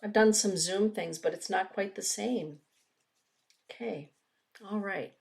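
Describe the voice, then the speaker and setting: A woman's voice: medium pitch, a little slow, gravelly, background noise. A middle-aged woman, a spiritual teacher, chatting casually with viewers and reading oracle card passages. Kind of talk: casual webinar chat.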